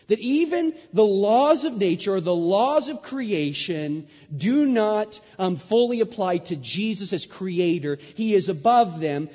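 Animated preacher man in a big hall. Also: slightly rough. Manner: animated, acts out quotes with big pitch jumps. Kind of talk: sermon with storytelling. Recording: dull sound in a large hall.

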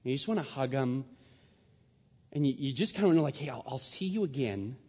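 A man preaching a sermon in a church, swinging from hushed, drawn-out words to loud, rising passages. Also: medium pitch, lively intonation, breathy edge. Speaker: pastor. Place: church sanctuary. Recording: dull sound with long hall reverb.

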